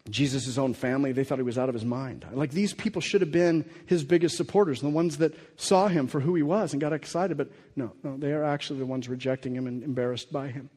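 A man preaching a sermon as a pastor, animated and acting out the voices of the people in his story. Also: mid-range voice, quick pace, few pauses. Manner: animated, acts out quoted voices. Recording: long reverb of a hall.

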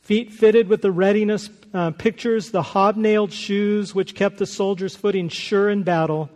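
A man's voice: high voice, fairly even intonation, normal speed, a little mellow. A man preaching a sermon as a pastor, earnest and emphatic, reading a story aloud to his congregation. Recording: long hall reverb.

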